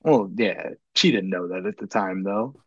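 A man's voice: lowish voice, normal speed, husky. An enthusiastic man co-hosting a casual movie commentary. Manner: enthusiastic, says "dude" a lot. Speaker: podcast co-host. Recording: dull, muffled mic.

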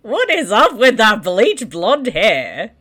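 A co-host talking slowly through a movie commentary, teasing their partner and laughing a lot. Their voice sits at a middle pitch and swings very widely up and down. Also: very animated, sharp tone. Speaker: podcast co-host. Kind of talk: casual movie commentary chat.

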